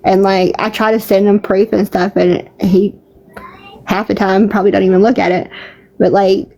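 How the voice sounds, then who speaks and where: A woman's voice: mid-range voice, level tone, moderate pace, mellow, lo-fi sound. A woman chatting casually on a live stream, filling her talk with "like" and laughing often. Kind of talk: casual chat.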